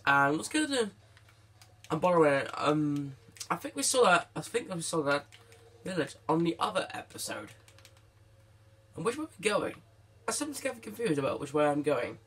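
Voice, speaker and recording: A young-sounding man narrates his own let's play in a bright, high voice that swings widely in pitch. He talks chattily to his audience and his pet, breaking into excited exclamations. Soft music plays faintly behind him. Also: moderate pace, long pauses, husky. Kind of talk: gaming commentary.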